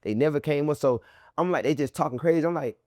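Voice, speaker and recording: Interview guest, male, animated storyteller, heavy slang, dry close mic. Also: fairly high pitch, fast talker, no echo. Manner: animated, profane street slang, acts out quotes. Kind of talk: casual storytelling.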